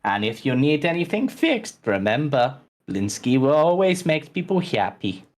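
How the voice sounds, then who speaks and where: A man's voice: mid-range voice, big pitch swings, moderate pace, faint music behind, close to an everyday voice. Man doing a creepy cheerful toymaker. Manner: sing-song salesman patter, foreign-sounding broken phrasing. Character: eerie cheerful male toymaker shopkeeper.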